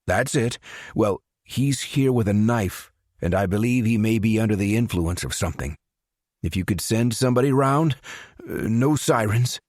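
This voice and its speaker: A man voicing a calm, careful middle-aged priest on the phone, polite and hushed. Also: lowish voice, normal speed, no echo, studio quality, pitched above the performer's own voice, lightly acted. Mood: urgent.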